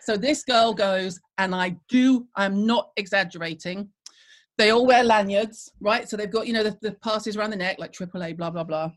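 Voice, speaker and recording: Middle-aged British woman guest, chatty anecdote teller, lively quoting voice. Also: mid-range voice, moderate pace. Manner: animated gossipy storytelling with acted-out quotes. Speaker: guest storyteller. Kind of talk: casual chat, anecdote.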